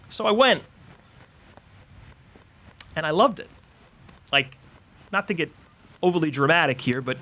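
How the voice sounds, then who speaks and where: A man's voice: fairly high pitch, a bit bright. A Catholic priest in his fifties giving a sermon in a casual, conversational storytelling way, full of fillers and asides. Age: 50s.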